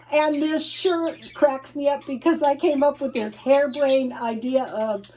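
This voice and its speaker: Slow-talking woman rambling thru old family pics, laughs a lot, kinda high voice. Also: steady tone, a little mellow, a little hiss or hum. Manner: chatty, rambling, laughs often. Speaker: vlogger. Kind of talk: casual chat showing old photos.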